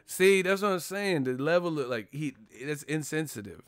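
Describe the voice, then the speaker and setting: Animated, joking man. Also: on the high side, normal speed, no room sound, clean studio sound. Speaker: boxing commentary host. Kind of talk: casual chat.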